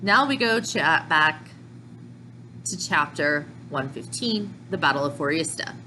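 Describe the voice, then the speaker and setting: A woman recapping manga chapters in a chatty, excitable tone, sometimes tripping over her words and restarting. Her voice sits on the low side for a woman. A faint hiss runs under the recording. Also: unhurried, low-quality recording. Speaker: manga reviewer. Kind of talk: casual recap.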